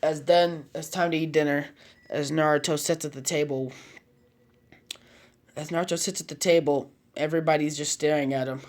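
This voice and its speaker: A storyteller improvising a fan story out loud, rambling with many restarts and self-corrections. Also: mid-range voice, fairly even intonation, moderate pace.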